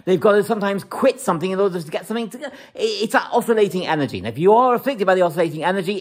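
Animated rambling astrologer. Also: medium pitch. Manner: rambling and emphatic, repeats words for stress. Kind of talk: casual monologue.

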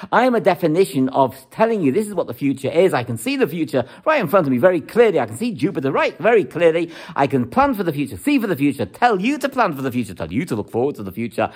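A middle-aged man, an astrologer, talking casually in a rambling, animated monologue that keeps repeating its key words. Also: on the high side.

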